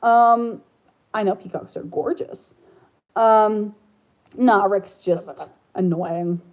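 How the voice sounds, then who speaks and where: A woman's voice: medium pitch, slow pace, lo-fi sound. Chatty woman baby-talking to her parrot. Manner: chatty, rambling, with baby talk to her pet. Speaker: parrot owner vlogger. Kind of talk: casual chat.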